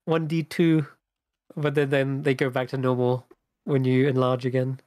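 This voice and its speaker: A man running a tabletop game as game master, relaxed and chatty, often laughing. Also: medium pitch, normal speed, no room sound, studio quality.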